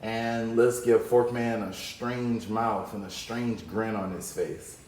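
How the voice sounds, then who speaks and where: A man's voice: lowish voice, steady tone, takes it slowly, a little mellow, reverberant, slight background noise. A man teaching a cartoon drawing lesson, upbeat and playful as he talks through each stroke. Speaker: art teacher.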